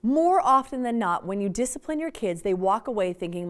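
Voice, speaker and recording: A woman's voice: mid-range voice, fairly quick. A woman giving a conversational parenting workshop talk to an audience, often acting out examples. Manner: animated, conversational, acts out examples. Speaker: workshop speaker.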